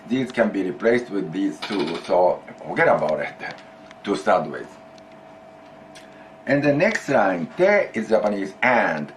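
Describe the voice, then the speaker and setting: Low-voiced guy teaching a language class, really animated up and down, repeats stuff, keeps telling the student go ahead. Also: a little hiss or hum. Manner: patient, repeats key phrases, prompts the student to answer. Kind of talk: classroom grammar lesson.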